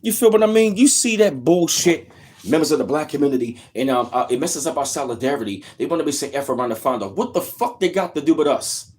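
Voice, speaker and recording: A man's voice: fairly high pitch, animated, fast talker, darkish tone. Heated profane man ranting. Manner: heated, profane, repeats himself with "yo". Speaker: commentary channel host. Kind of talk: ranting reaction commentary.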